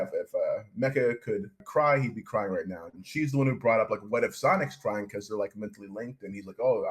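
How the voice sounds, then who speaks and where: A young man, a comic book writer, talking casually in an interview, rambling enthusiastically with many restarts. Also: medium pitch.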